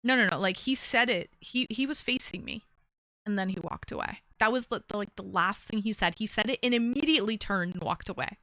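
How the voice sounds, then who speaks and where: Woman streamer, casual rambling chat, mid pitch, dry close sound. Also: brisk, bright, forceful tone, dry recording. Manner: chatty, rambling, reads chat aloud. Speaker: streamer hosting a call-in show.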